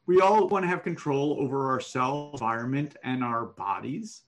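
A man giving one-on-one manuscript feedback over an online call, explaining deliberately and thinking aloud. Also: medium pitch. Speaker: writing coach.

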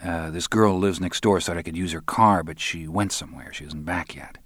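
A man's voice: sits low, normal speed, fairly bright tone, husky, no room sound, clean studio sound. A man reading the part of an earnest, persistent man questioning a woman in an audiobook. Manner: persistent, probing. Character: earnest middle-aged man pressing a woman.

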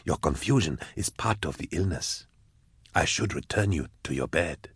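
A gentle male hospice carer in robes speaks in a soft, deep, soothing voice, as a man reads him in an audiobook. He stays calm and quiet throughout, recorded close and dry. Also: normal speed, husky, no echo, heavily acted. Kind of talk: audiobook reading.

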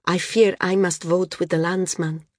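A woman voicing a small, reluctant female judge who reasons calmly. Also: on the low side, a little slow, dry recording, studio quality.

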